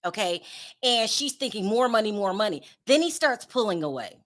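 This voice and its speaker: A woman's voice: medium pitch, sing-song, normal speed, fairly bright tone. A woman hosting a celebrity gossip show in casual commentary, blunt, sassy and dismissive.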